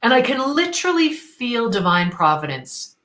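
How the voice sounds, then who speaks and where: A woman from Canada, a guest on an interview show, telling a personal story in an enthusiastic, expressive, spiritual way. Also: fairly high pitch, normal speed, echoey room, rough recording.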